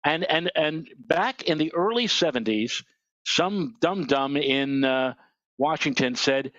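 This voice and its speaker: Indignant ranting man, higher voice. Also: expressive, slow, a bit bright, no echo. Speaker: weather show co-host. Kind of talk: casual chat. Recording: dull lo-fi dry sound.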